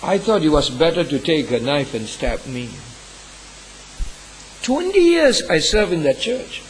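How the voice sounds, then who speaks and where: A man's voice: sing-song, a little slow, a little hiss or hum, low-quality recording. A man, a pastor, tells a personal story in a sermon, earnest and emotional, sometimes lifting his voice sharply. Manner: earnest, emotional storytelling with sudden rises in pitch.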